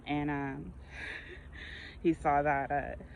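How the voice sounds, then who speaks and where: A woman's voice: deep voice, little pitch movement, drawn-out words, creaky, highs cut off, a little hiss or hum. A woman vlogger chatting casually while walking outdoors, rambling through her stories and laughing often. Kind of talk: casual chat.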